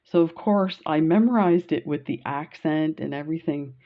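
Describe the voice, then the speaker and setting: Over phone-quality audio, a Canadian woman chats and rambles through stories while she works on her beading, frequently breaking into laughter. Her pitch is low and her speed is normal, and she makes beading videos.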